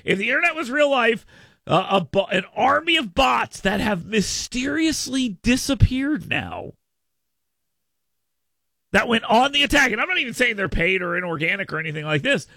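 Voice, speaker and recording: A man's voice: very high voice, lively intonation, moderate pace, vocal fry, sharp tone, no room sound, clean studio sound. A man hosting a political talk radio show, ranting sarcastically. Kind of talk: opinionated talk radio monologue.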